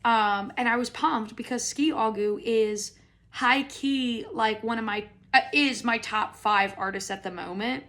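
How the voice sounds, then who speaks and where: A young American woman hosts a podcast, spinning a comedic story from her own life in an unhurried, rambling way. Her voice sits slightly high and rings bright. Chatty and animated, she says "like" constantly and swears without a second thought.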